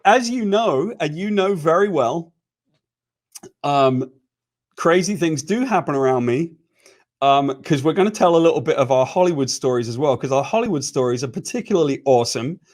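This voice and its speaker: A man's voice: on the high side, lively intonation, normal speed. A British man co-hosting a casual chat, telling anecdotes with lots of "right?" and laughter, over a video call. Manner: chatty storyteller, frequent "right?" and laughs. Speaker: co-host.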